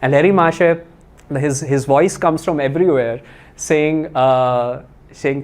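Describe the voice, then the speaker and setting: Guy with a slightly high voice doing a spiritual talk, chatty, lots of ums and restarts. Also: measured pace, a little mellow. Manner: conversational, many fillers and restarts.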